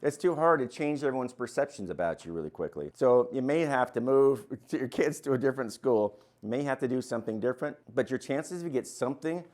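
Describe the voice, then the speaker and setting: An older man leads a real estate class with an energetic, questioning delivery. His voice sits at an average pitch for a man, and he keeps pulling the room into the lesson. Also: fast talker, few pauses. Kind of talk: interactive classroom lecture.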